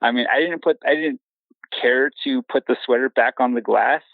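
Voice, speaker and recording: A man's voice: mid-range voice, normal speed, creaky, dry recording. A young man telling his own scary encounter story in a rambling way, stumbling over restarts and laughing nervously. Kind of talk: casual storytelling. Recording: tinny phone line.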